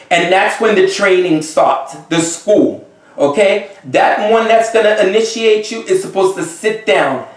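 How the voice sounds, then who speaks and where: A man from Haiti, a Vodou priest, gives unscripted advice with real exasperation, pressing his points and checking in with his listener. His voice sits high for a man and lively in pitch. He is recorded from a distance in a strongly echoing room. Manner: emphatic and exasperated, often checking in with "okay?" and "you see?". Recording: very echoey room, voice away from the mic.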